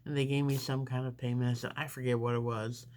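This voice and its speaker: A woman's voice: very deep voice, flat delivery, darkish tone. A woman telling a long personal story in a casual, rambling way while she does her makeup. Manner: rambling, unhurried, with frequent fillers. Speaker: beauty vlogger.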